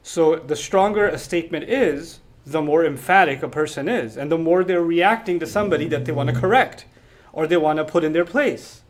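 A man with a notably high voice for a male speaker teaching a class on scripture. He explains emphatically and keeps checking in with his listeners through quick rhetorical questions. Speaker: religious teacher.

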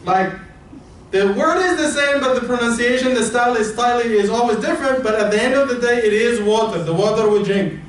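A man with an Egyptian accent preaches in a large mosque hall, his fairly high voice carrying from a distance. Heavy echo fills the room over a faint hum, and he explains each point patiently through everyday comparisons. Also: a little fast. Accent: Egyptian Arabic. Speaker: imam. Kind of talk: Friday sermon.

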